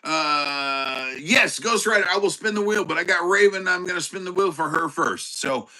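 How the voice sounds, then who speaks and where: A man hosting a casual live stream with his dog, chatting with viewers by name and breaking into excited shouts. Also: high-pitched, poor audio. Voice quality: halting, many fillers and restarts. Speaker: livestream host with his dog.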